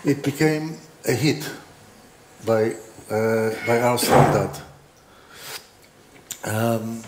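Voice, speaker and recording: A designer's opening talk in an exhibition hall wanders through anecdotes, full of restarts and dry wit, like an informal lecture. He draws out his words in a mid-range voice. The hall sounds roomy with faint ambience, and the recording is very noisy.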